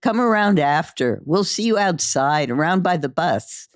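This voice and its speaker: Weary, sympathetic male bandleader, resigned and gently explaining, slightly raised voice, dry read, as a woman puts him on. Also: sits low, animated, moderate pace, no echo.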